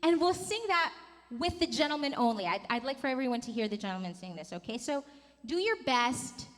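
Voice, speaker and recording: Long reverb from a big conference hall surrounds this woman as she runs a singing workshop. In her thirties, the vocal coach demonstrates sounds and urges the group to sing along in a high-pitched, expressive, brisk voice.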